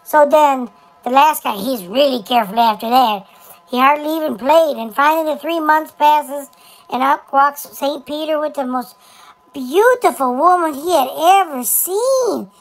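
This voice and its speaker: Speaking to camera as Dexter, a chatty boy fond of jokes, a man spins a long folksy joke full of stumbles and restarts. His very high voice is heavily acted, a little slow and touched with vocal fry, and the audio is poor.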